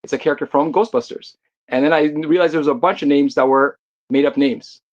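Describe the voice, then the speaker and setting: Quick-talking man with a Québécois accent. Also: fairly high pitch, highs cut off. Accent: Québécois French. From Quebec, Canada. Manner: quick, joking, argumentative. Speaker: guest. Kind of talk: casual chat.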